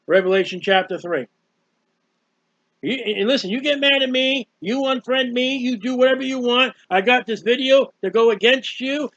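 A man's voice: very high-pitched, a bit bright, dry recording. A man preaching a fiery sermon, scolding and mocking his listeners. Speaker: street preacher. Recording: dull, dry lo-fi recording.

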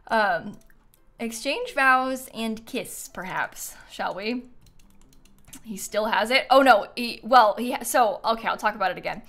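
Young woman, streamer; bright, slightly high voice, chatty, rambling, lots of fillers. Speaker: live streamer. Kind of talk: casual gameplay commentary.

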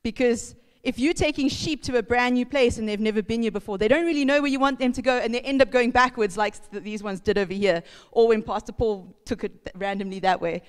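A woman pastor, telling a lively story in a casual sermon, laughing and acting out sounds. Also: a little high, fast, few pauses, clear, resonant tone. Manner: chatty, laughing, acts out sounds and voices. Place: church hall. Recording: reverberant church hall.

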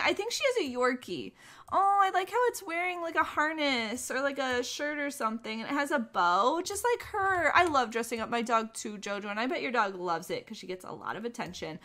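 A woman's voice: sits high, animated, a little fast, pushed and bright. A young woman casually commenting on her gameplay, bubbly and gushing, full of "oh my gosh" and "like". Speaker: gaming YouTuber.

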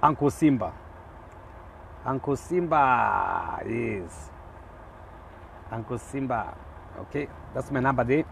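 A man's voice: mid-range voice, darkish tone, slight background noise. A middle-aged man from Zimbabwe with a Zimbabwean accent, hosting a live stream in teasing, rambling chat, greeting viewers by name and talking into his phone.

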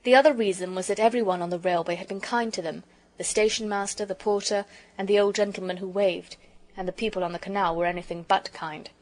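Gentle woman reading a storybook. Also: mid-range voice, steady tone, quick pace. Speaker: audiobook narrator. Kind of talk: scripted storybook narration.

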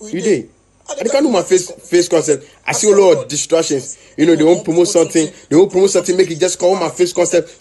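A man's voice: high-pitched, fast talker, mellow, husky. A man with a Ghanaian accent talking animatedly in a casual video chat, mixing pidgin and local words.

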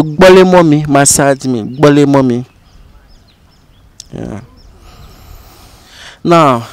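A man with a Ghanaian accent teaching a language lesson, saying each phrase slowly and repeating it several times. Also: fairly high pitch, clear, resonant tone, dry recording.

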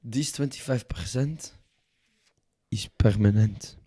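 A man's voice: on the low side, slow pace, dark tone, husky. A man putting on a haughty French investor. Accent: put-on French. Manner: haughty, bossy haggling. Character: pompous male French business investor.

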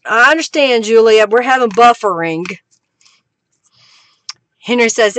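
A woman's voice: fairly high pitch, expressive, measured pace, fairly bright tone, dry recording. A woman hosting a craft livestream, chatting casually with viewers, reading their comments aloud and laughing often.

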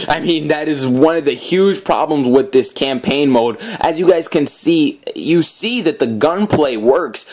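A man's voice: medium pitch, darkish tone. A man giving casual commentary on a video game, reading the on-screen dialogue aloud as he plays. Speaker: gameplay commentator. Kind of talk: let's play commentary.

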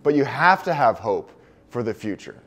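A man speaks to an audience about a hard personal experience. His mid-range voice is earnest and emotional, sinking quietly on the saddest lines before rising again with hope. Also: very animated, moderate pace. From United States. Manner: heartfelt, earnest, voice dips low and soft on sad moments. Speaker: speaker giving a talk. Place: indoor venue with a live audience.

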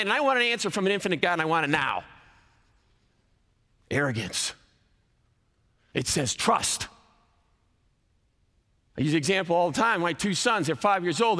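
A man in his fifties delivers a chapel sermon with a high, bright voice that swings widely from peak to hush. He speaks emphatically, rising hard on key phrases, and the long reverb of a large hall trails each line. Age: 50s. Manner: emphatic, preacherly, rising and dropping for effect. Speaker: college athletic director and speaker.

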